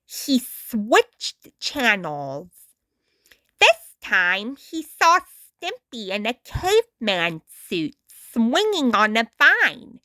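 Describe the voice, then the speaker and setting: A woman reading a storybook aloud with a deliberate, expressive storytelling manner. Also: on the high side, dry recording, clean studio sound. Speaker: storytime reader.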